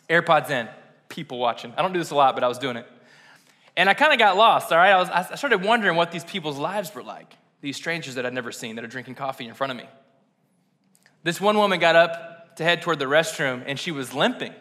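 A young man with a fairly high, pushed, bright voice gives a casual, conversational sermon, chatty and self-deprecating and often laughing at himself. He is a pastor speaking in a church sanctuary, and the hall adds long reverb.

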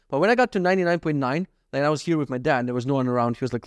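A man's voice: fairly high pitch, animated, rapid-fire, clear, resonant tone. A man with a slightly raised voice talks through a solo podcast monologue, blunt, profane and openly self-critical. The sound is dry and close, with no room echo. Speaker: podcast host. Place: at home.

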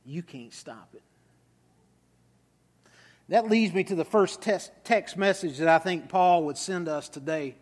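A man's voice: sits high, normal speed, few pauses. A man preaching a sermon as pastor, in a conversational storytelling manner with some fillers. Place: large church hall. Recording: reverberant hall.

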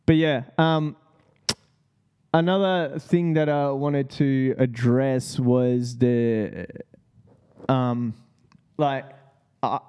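A man's voice: mid-range voice, fairly even intonation, drawn-out words, long pauses, darkish tone, clear, resonant tone, lo-fi sound. A young man hosting a casual solo podcast, laid-back and profane, rambling with lots of fillers. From Australia. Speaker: podcast host.

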